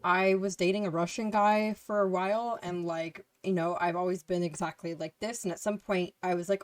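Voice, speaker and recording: A woman telling a story in a casual group chat, blunt and animated, swearing freely. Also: medium pitch, a little fast, few pauses, no echo. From Haitian heritage. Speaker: panel guest.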